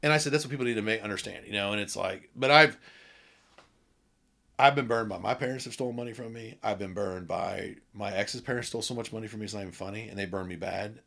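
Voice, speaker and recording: A man's voice: on the low side, quick pace, gravelly, sharp tone. A man in his forties, a podcast guest, chatting candidly in a blunt, rambling way with many restarts. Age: 40s. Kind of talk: casual conversation.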